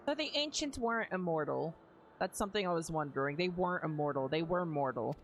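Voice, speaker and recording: Lively swearing woman streamer. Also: low-pitched, a little fast. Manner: reactive, emotional, swears freely. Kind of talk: casual let's-play commentary. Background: game music.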